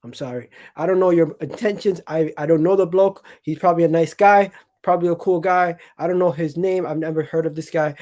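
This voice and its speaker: A man's voice: a little high, a little fast. Guy streaming football chat live, emphatic, says stuff twice, talks straight to the chat. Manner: animated, emphatic, repeats himself; chatty, addresses chat directly. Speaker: football channel host.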